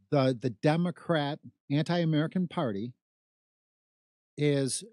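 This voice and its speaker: A man's voice: fairly high pitch, darkish tone, no room sound, studio quality. A middle-aged man from Chicago giving an emphatic political monologue, full of repetition and rhetorical questions. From South Side of Chicago. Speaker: political commentator.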